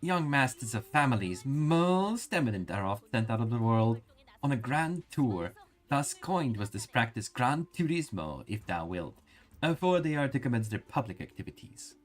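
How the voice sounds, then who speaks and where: A man voicing a theatrical knight-errant woman who speaks in archaic, drawn-out words. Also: medium pitch, big pitch swings, voice pushed up, lightly acted. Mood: grandiose.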